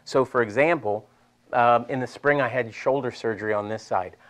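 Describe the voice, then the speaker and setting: A man's voice: mid-range voice, normal speed. Chatty Delaware man teaching a seminar. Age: middle-aged. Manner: animated, chatty, repeats himself for emphasis. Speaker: physical therapist presenter. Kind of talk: live seminar demonstration. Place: seminar room with an audience.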